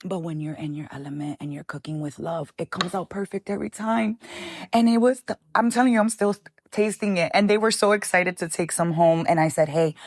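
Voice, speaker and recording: Woman chef guest, lowish voice, tells emotional stories, says honey a lot. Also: a little fast, no echo. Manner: lively, tells stories, calls the listener "honey", slips into Spanish phrases. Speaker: guest, chef and cookbook founder. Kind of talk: emotional personal storytelling.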